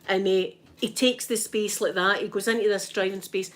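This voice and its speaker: A woman's voice: mid-range voice, fairly even intonation, normal speed. A middle-aged Scottish woman chatting casually to her viewers, telling rambling stories with frequent restarts. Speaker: ASMR streamer. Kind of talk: casual storytelling chat.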